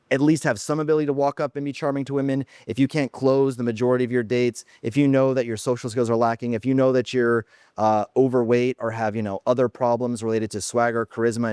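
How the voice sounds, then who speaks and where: A man's voice: medium pitch, a little mellow, clean tone, no room sound, clean studio sound. Brash man vlogging from his home office. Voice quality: brash, blunt, heavy filler words. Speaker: dating coach vlogger. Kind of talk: casual monologue.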